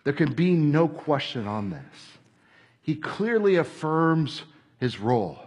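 A man preaching a sermon, animated, acting out crowd voices and shouting at times. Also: on the high side, takes it slowly, breathy edge.

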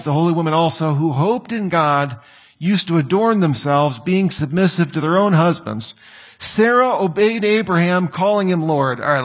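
A man preaching a sermon, reading scripture and breaking into joking asides. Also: fairly high pitch. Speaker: pastor.

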